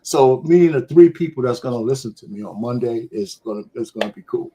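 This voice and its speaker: An easygoing man chatting with a panel over a remote call. He rambles, restarts his sentences and laughs easily, in an even, middle-pitched voice. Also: fairly quick, a little hiss or hum. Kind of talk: casual panel chat.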